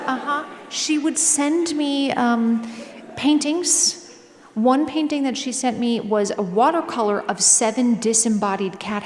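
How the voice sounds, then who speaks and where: A woman with a Minnesota accent, her voice sitting a little high, tells funny stories to a crowd with animated, laughing delivery. She sounds like she's speaking on stage in a large auditorium, with a long reverb tail and clear background noise in the room. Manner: animated, comic, often laughing through lines. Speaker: author speaking at a library event. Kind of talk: humorous live storytelling talk.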